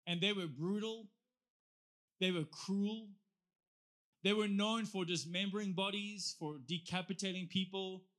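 A male preacher with a high, bright voice delivers a sermon. He is lively and casual, and he throws questions at his listeners with an animated, chatty energy. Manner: lively, conversational, asks the audience questions.

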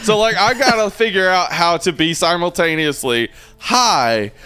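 A man's voice: high voice, lively intonation, unhurried, sharp tone, clear, resonant tone, soft background music. A man co-hosting a casual movie podcast, joking and laughing as he riffs. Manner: laughing, joking, puts on voices for quips. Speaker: podcast co-host.

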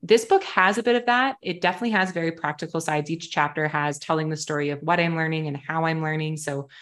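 A woman's voice: deep voice, fast, fairly bright tone. A woman, a guest educator and coach, talking enthusiastically in a casual interview, often saying "like". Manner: enthusiastic, talkative, frequent "like".

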